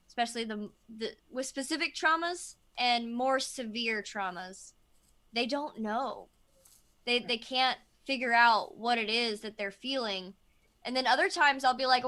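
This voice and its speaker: A woman therapist in a casual discussion, thinking aloud in an animated way. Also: a little high, unhurried.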